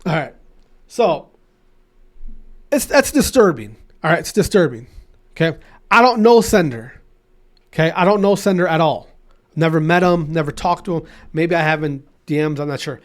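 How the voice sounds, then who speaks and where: A man's voice: fairly high pitch, lively intonation, normal speed, long pauses. A man hosting his own podcast, ranting in a loose, repetitive way with many restarts. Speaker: podcast host. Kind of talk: solo podcast rant.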